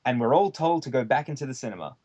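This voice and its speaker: A man's voice: mid-range voice, big pitch swings, fast talker, a little mellow. A man who is a guest on a podcast, telling a rambling anecdote in casual chat, with lots of fillers and the odd swear word.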